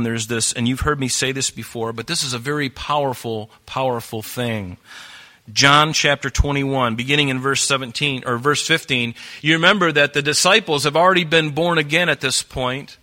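Bright-voiced man preaching a sermon. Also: medium pitch, steady tone, normal speed. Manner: earnest, repeats words, acts out dialogue. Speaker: pastor.

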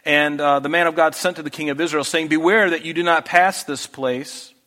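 A male pastor teaching through scripture in a relaxed, chatty way, now and then slipping into quick voices for the people in the story. His voice sits a little higher than most men's, and it carries a long hall reverb from the church room. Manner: conversational, acts out biblical characters in casual voices. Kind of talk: expository Bible teaching.

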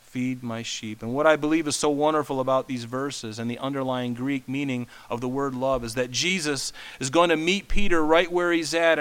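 Male pastor mid-sermon, relaxed and chatty, smooth resonant tone. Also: sits high, rough recording. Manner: conversational, explains with asides to the congregation.

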